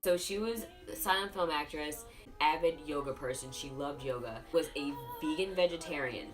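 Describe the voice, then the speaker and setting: A woman with a notably low voice rambles through a tipsy film review, swearing freely and gossiping as she tells the story. Music plays clearly behind her. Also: normal speed. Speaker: host. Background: music playing.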